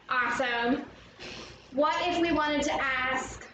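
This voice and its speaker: A young woman teaching an online arts lesson to young children, speaking in an upbeat, slow and clear way and inviting the viewer to join in. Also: sits high. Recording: roomy, echoey, from a distance with background noise.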